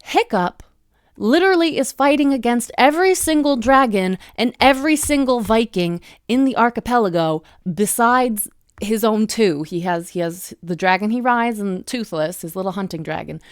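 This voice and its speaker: A woman's voice: on the high side, lively intonation, normal speed, clean tone, dry recording, clean studio sound. A young woman giving a casual, effusive book review at home, chatting with many fillers and restarts. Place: home room with bookshelves.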